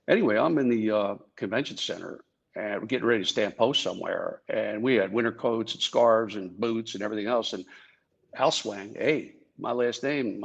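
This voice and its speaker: An older man from New Jersey, a former Secret Service agent, telling stories in an animated, joking way and acting out the dialogue. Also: lowish voice, vocal fry, lo-fi sound. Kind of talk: anecdotal storytelling.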